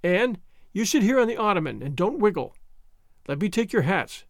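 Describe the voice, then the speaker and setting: A man voicing a brisk, chatty middle-aged hostess who bustles and talks over everyone in a storybook reading. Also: high voice, big pitch swings, dry recording, clean studio sound. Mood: bustling. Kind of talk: audiobook character reading.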